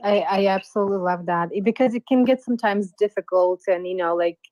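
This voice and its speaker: A woman speaking up in a live audio room, chatty and halting. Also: mid-range voice, darkish tone, no room sound, low-quality recording. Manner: chatty, full of fillers and restarts. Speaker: guest speaker.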